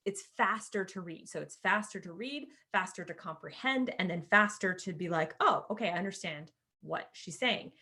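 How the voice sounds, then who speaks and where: A woman with a medium-pitched, fairly bright voice teaches sales page design in a screen-share tutorial as a course creator. She's chatty, tosses in casual asides, and often addresses her viewers as "you guys."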